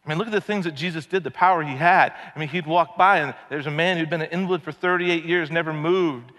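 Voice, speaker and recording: A man gives a casual, animated sermon to a congregation, his fairly high voice tossing rhetorical questions out to the room. A long reverb trails each phrase, as in a large church hall. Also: fast talker. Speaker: pastor. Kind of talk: conversational sermon.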